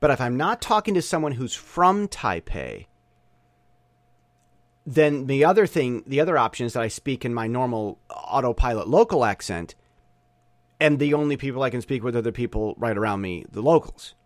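In a casual, opinionated monologue, a man from the United States who is learning a language abroad keeps restarting and correcting himself as he rambles on. His mid-range voice swings widely in pitch at a moderate pace, and the recording is dry.

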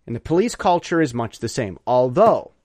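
A man giving an emphatic opinion monologue, halting and often repeating words as he restarts his sentences. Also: medium pitch, sing-song, darkish tone, dry recording. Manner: emphatic, ranting. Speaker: commentator.

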